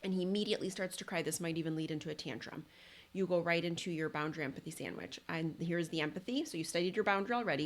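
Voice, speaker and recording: A woman's voice: lowish voice, fast talker, a little hiss or hum. A woman hosting a solo parenting podcast, talking in an earnest, conversational way with restarts and repeated words.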